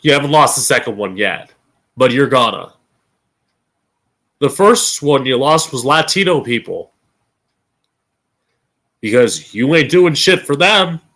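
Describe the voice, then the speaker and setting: A man's voice: mid-range voice, expressive, a bit bright. A man hosting his own stream show, delivering a blunt, profane and sarcastic political rant, drawing out words for emphasis. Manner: emphatic, drawn-out stress on key words. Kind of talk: ranting political commentary.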